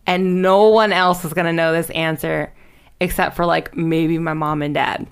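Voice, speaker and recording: A woman's voice: sits low, steady tone, moderate pace, smooth. A young woman casually telling a spooky story to friends, rambling, laughing and swearing as she goes. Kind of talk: casual storytelling podcast chat.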